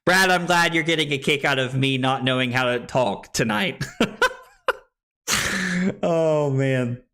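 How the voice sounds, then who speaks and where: A man's voice: mid-range voice, unhurried, bright, forceful tone, smooth. A young man streaming a card game live, talking through his plays and joking with chat in a playful, self-deprecating way. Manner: playful, self-deprecating, chatting with viewers while playing.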